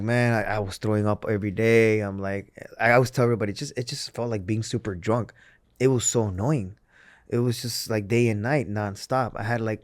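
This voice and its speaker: A man's voice: lowish voice, dry recording, clean studio sound. A man, a former pro wrestler, speaking as an interview guest and retelling his story in an earnest, candid way, often restarting his sentences.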